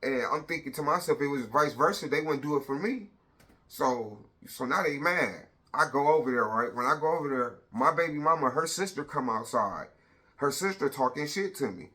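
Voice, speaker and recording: A man's voice: medium pitch, expressive, moderate pace, pushed and bright. A man in his thirties telling a personal story on a casual vlog, blunt and profane, retelling it with lots of energy.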